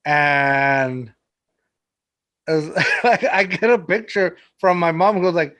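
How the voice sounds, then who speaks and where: A man's voice: a little high, slow, fairly bright tone. A man hosting a podcast, telling stories in casual chat with lots of fillers and laughter. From San Antonio, Texas. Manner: loose storytelling, heavy "like" fillers, laughs often. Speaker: podcast host.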